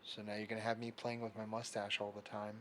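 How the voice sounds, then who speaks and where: A man's voice: lowish voice, completely flat delivery, fast talker, fairly bright tone, a little hiss or hum. A young man hosting a livestream, chatting casually and reading viewer comments aloud while fixing his setup. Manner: rambling, reads chat aloud while fiddling with setup. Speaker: livestream host.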